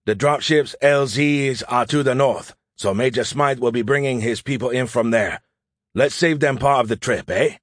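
A man's voice: mid-range voice, dry recording, clean studio sound, lightly acted. Man voicing a composed, formal army captain. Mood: brisk. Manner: measured, commanding. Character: calm, formal male military captain.

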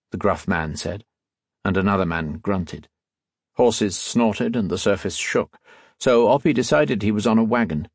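Low husky male audiobook narrator. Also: dry recording, studio quality. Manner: steady, measured storytelling.

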